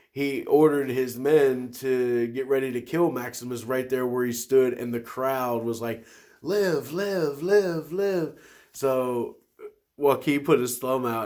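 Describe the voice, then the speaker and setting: A man's voice: mid-range voice, darkish tone. A man in his twenties hosting a solo podcast, talking casually and enthusiastically about movies, rambling with many restarts. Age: 20s. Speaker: podcast host.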